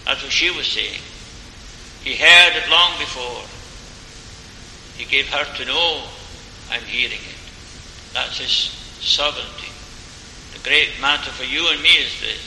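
Slow, earnest gravelly male preacher. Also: medium pitch, pushed and bright, a little hiss or hum. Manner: slow, earnest preaching with rising emphatic questions. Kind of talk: sermon with closing prayer. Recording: echoey hall, faint room ambience.

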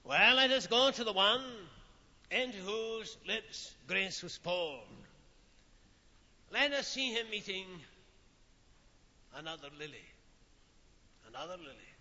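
A high, very bright male voice preaching a sermon at a slow, measured pace. He speaks with solemn weight and lets his phrases drop off into quiet pauses. The old lo-fi recording carries a long hall reverb. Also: animated.

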